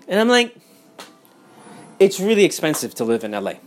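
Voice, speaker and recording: A young man in a heated, profane, casual rant. He repeats himself and swings between loud outbursts and muttering. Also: sits high, sing-song, fast talker, pauses often, soft background music. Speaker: vlogger. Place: home in Miami.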